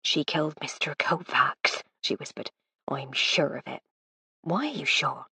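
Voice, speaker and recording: A woman voicing a nervous young housemaid who hesitates, breaks off and drops to hushed tones in an audiobook. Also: very deep voice, very animated, unhurried, creaky, slightly rough, pitched below the performer's own voice, heavily acted.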